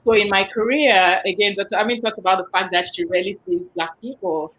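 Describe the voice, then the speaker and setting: A woman's voice: medium pitch, fairly quick, fairly bright tone, lo-fi sound. Woman with a cold and a cough drop. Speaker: guest, business director. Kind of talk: panel discussion.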